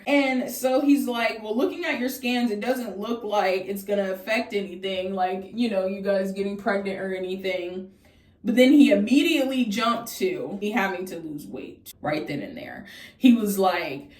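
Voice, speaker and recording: A woman in her twenties telling a casual storytime vlog, candid and profane, jumping into high-pitched voices when she quotes people. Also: moderate pace, darkish tone, recorded from a distance. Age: 20s. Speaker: vlogger. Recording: echoey room, voice off from the mic.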